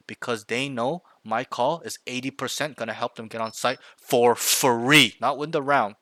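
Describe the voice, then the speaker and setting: This game coach has a mid-range voice, speaks at a normal speed with few pauses, and the audio carries no echo. Coaching one student over voice chat, he stays emphatic, repeatedly asks "right?", and voices out loud team callouts.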